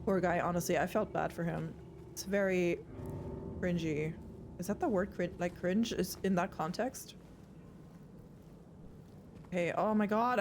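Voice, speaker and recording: A woman's voice: medium pitch, moderate pace, pauses often, slight background noise. Chatty swearing woman streamer. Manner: chatty, swears often, talks to chat. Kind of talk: casual live gameplay chat.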